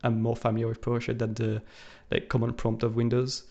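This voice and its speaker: A man's voice: medium pitch, monotone, brisk, vocal fry, dark tone, lo-fi sound. A man co-hosting a live coding stream, thinking aloud as he types, with frequent fillers. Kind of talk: casual coding walkthrough. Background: keyboard typing and clicking.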